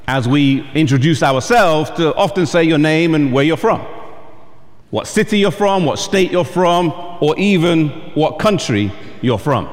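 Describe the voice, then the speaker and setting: A man with an English accent, a pastor, preaching a sermon and telling stories with acted-out voices. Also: mid-range voice. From England. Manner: storytelling, acting out quoted voices. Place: camp meeting hall. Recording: long reverb in a large hall.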